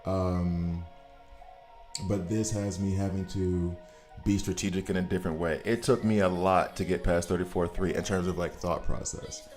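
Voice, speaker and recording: A man in his forties from the United States, rambling and chatting casually as he comments on a game stream, quick to laugh. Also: low voice, fairly even intonation, a little mellow. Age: 40s. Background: faint background music.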